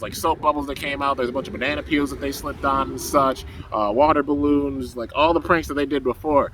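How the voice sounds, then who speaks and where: A man's voice: mid-range voice, fairly bright tone, slight background noise, rough recording. A young man casually recapping a cartoon episode, rambling and laughing often as he acts out the characters' lines. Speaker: anime reviewer.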